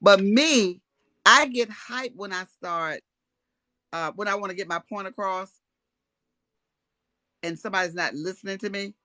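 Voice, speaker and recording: Animated woman. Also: mid-range voice, a little slow, pauses often, no room sound, clean studio sound. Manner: animated, preachy, laughing. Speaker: co-host. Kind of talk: casual chat.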